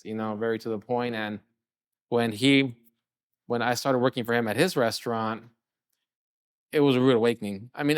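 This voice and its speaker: On an interview show, a guest who is a middle-aged chef and restaurant owner from California speaks in a clean, medium-pitched tone. He spins casual, animated stories, frequently voicing the quoted dialogue himself, all captured in a dry, studio-quality recording.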